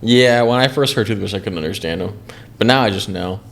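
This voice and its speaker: A man's voice: fairly low pitch, brisk. A young man co-hosting a podcast, chatting casually, rambling, laughing often and swearing freely. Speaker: podcast co-host. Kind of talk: casual chat.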